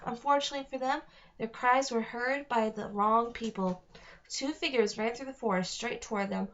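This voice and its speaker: A woman reading a children's novel aloud, careful and steady, with small slips. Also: fairly high pitch, normal speed, lo-fi sound. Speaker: reader. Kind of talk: read-aloud narration.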